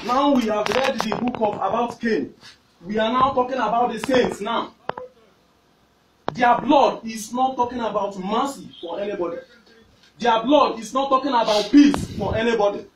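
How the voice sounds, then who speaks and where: A high-voiced Nigerian preacher delivers a fervent sermon that climbs into shouts and circles back on his own phrases. He sounds far from the microphone, and the big hall echoes around him. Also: slight background noise. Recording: echoey, distant hall recording.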